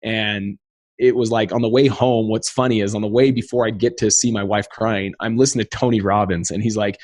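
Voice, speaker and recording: A man in his thirties, a podcast guest, telling a personal story in an earnest, animated way and acting out the quotes. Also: mid-range voice, brisk, dry recording.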